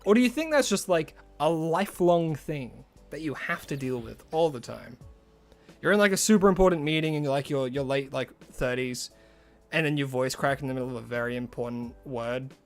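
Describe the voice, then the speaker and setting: A man's voice: medium pitch, a little fast, soft background music. A man streaming a game live, chatting casually with his viewers and rambling through asides. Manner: chatty, answers chat messages, rambling asides.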